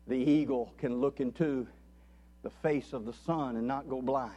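A man preaching a sermon at a men's conference, impassioned, swinging from hushed, intimate passages to loud pleading. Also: mid-range voice, fairly even intonation, normal speed. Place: conference hall.

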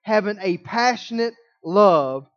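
High-voiced preacher, emphatic and drawn-out. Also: male voice, lively intonation, highs cut off. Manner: emphatic preaching, slowing down and drawing out key words. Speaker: pastor. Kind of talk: sermon.

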